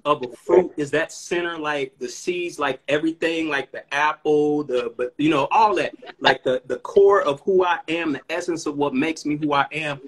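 Husky Chicago man, reflective. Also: fairly high pitch, normal speed, hardly any pauses. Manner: reflective, affirming listener. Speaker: rapper. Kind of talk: casual live stream chat.

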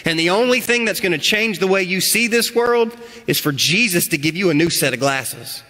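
A man preaches to his congregation, his voice bright and a touch high for a man. He swings from loud, rising appeals to quiet, hushed lines. The sound carries the long echo of a church hall. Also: lively intonation, normal speed. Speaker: pastor. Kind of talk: sermon. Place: church sanctuary.

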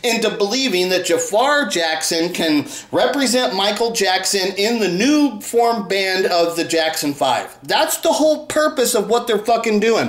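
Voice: mid-range voice, lively intonation, a little slow, few pauses, roomy sound. A vlogger giving an angry, profane, scornful rant of commentary.

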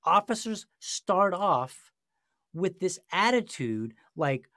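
A man's voice: fairly high pitch, expressive, fairly quick, dry recording, studio quality. Passionate, sarcastic male podcast host. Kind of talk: casual discussion.

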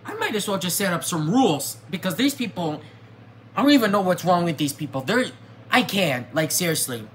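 A young adult vlogger ranting to viewers in an agitated way, repeating themselves, with the voice jumping high and loud whenever they get upset. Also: lively intonation, brisk, slight background noise. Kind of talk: ranting to camera.

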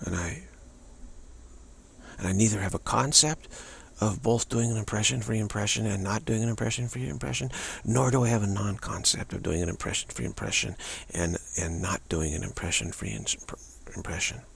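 A man with a low, deeply husky voice, full of gravel and fry. He speaks as a spiritual teacher in a loose, musing way. He repeats long phrases and trips over them as he goes. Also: normal speed. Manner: repetitive, stumbling over tongue-twisting phrases; casual and musing, many fillers. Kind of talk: rambling spiritual talk.

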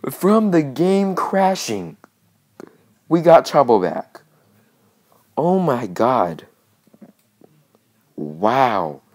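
A woman giving let's-play commentary, excitable and casually swearing, with lots of repeated phrases. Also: very deep voice, drawn-out words, pauses often. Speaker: gaming channel host.

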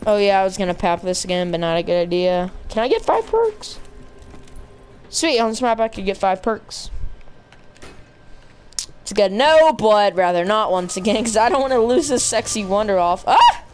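A woman streams a zombie shooter and talks her way through it in a loose, slangy voice, bursting into excited, gushing exclamations. Her pitch sits in a middle range. A faint background noise runs under the recording. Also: a little fast. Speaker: gamer streaming zombie mode. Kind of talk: casual live gameplay commentary.

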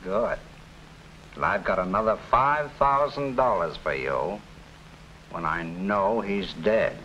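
A man's voice: on the low side, slow pace, pushed and bright, slight background noise. A man playing a nervous, blustering syndicate boss in a 1940s radio drama, on a dull old recording. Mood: tense. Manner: blustering then pleading.

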